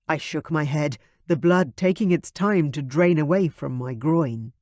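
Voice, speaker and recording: A man narrating an audiobook in a measured, even way. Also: fairly high pitch, no echo, studio quality. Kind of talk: scripted narration.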